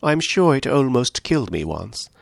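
A fussy old gentleman frets and gently scolds in a raised, anxious voice, as a male reader puts him on. The reading is dry and close, with no room around it. He sounds worried about every small ailment. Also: medium pitch, sing-song, moderate pace, creaky, dry recording, pitched above the performer's own voice. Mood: fretful. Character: fretful elderly gentleman, fussy about health.

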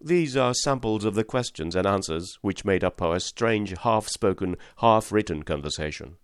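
A man reading a story aloud as an audiobook narrator, in a measured and dramatic way. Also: on the low side, expressive, clean tone, no room sound, clean studio sound. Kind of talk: scripted narration.

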